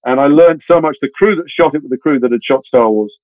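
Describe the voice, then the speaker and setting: Brief: middle-aged man, quick chatty storyteller, restarts a lot, dry tinny phone-like sound. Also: medium pitch, dry recording. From England. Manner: chatty, many restarts and wry asides. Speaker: guest actor. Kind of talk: anecdotal interview storytelling.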